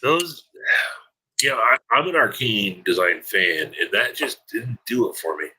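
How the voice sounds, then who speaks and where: Husky man with a bright edge. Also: lowish voice, expressive, measured pace, poor audio. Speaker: stream guest. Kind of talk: casual chat.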